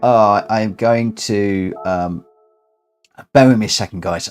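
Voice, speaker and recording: A man streaming a racing game to his viewers, breathless, excited and heartfelt as he reads out the results. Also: fairly low pitch, a little slow, soft background music. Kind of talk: live game commentary. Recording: clear background noise.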